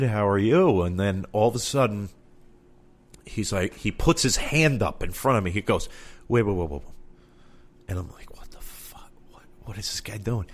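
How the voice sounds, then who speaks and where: A man doing a comedic storytelling monologue, exasperated and profane, acting out both sides of the conversations he recounts. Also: fairly low pitch.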